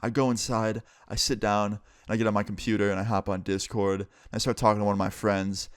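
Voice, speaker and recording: A young man with a lowish voice tells a storytime to his channel. He talks in a loose, excited way and swears freely. The recording is dry and close, with no room sound. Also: brisk, clear, resonant tone, no echo. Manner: casual, profane, excited retelling. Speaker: YouTuber. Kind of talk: storytime monologue.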